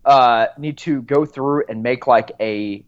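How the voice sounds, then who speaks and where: A man co-hosting a podcast, chatting in a relaxed, wry, self-deprecating way. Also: mid-range voice, slow pace. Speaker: podcast co-host. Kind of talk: casual chat. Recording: dull lo-fi sound.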